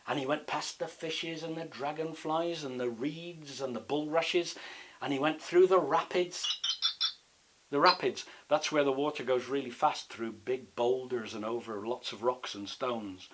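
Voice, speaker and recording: A man telling a bedtime story to a child, with gentle, chatty asides. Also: medium pitch, fairly even intonation, a little slow, heavy background noise.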